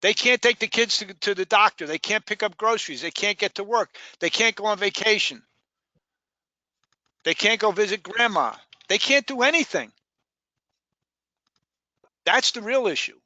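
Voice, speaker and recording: A man leading a sales training session in a lively, emphatic way, repeating key points and questioning his trainees. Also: high-pitched, normal speed, dry recording.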